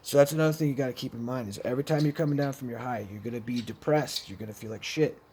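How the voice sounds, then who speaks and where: A man's voice: medium pitch, rapid-fire, a little mellow, a little hiss or hum. A man telling a personal story about addiction in a blunt, profane way, with many restarts. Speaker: speaker sharing addiction experiences. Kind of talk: personal storytelling, recovery talk.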